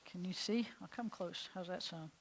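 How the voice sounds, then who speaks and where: A woman rabbi with a lowish voice teaches a small group seated in a classroom, speaking at normal speed. She's chatty and goes step by step, often asking her students questions.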